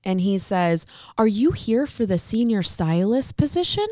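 A mid-range, unhurried voice belongs to a Connecticut woman who owns a salon and cuts hair. As an interview guest she tells casual stories, vividly acting out the quoted dialogue, in a dry, clean studio recording.

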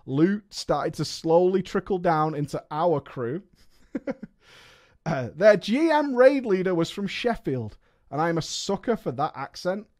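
Male streamer, fairly high and very animated, swears and jokes while reading a story to chat. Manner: animated, swears and laughs often, reads in quick asides. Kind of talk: reading aloud with live reactions.

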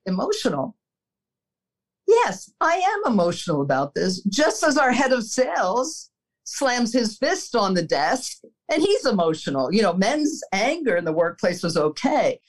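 An older woman, a former executive, answers interview questions with earnest personal stories, punctuated by small laughs and restarts. Her voice is mid-range, and the recording is low quality.

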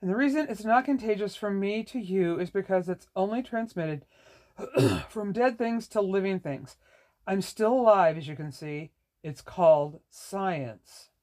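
A reader voicing an ill woman who speaks in a pointed, sarcastic way, higher than the narration. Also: expressive, a little slow, a little mellow, natural voice. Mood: indignant. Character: sick woman, sharp and indignant.

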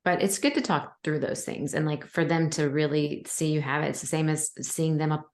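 Low-voiced chatty woman guest. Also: brisk. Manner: chatty, laughs often, animated quoting. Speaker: guest author. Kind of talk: casual podcast chat.

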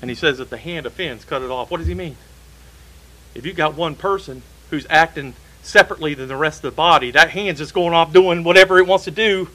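A man's voice: on the high side, fairly quick, sharp tone, poor audio. A man preaching a sermon in a church, emphatic and repeating key phrases for stress.

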